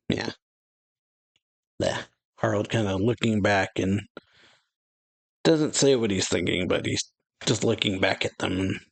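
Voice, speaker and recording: A man's voice: fairly low pitch, gravelly, no echo, rough recording. A man hosting an anime reaction, casually reading a manga chapter aloud with many fillers and restarts.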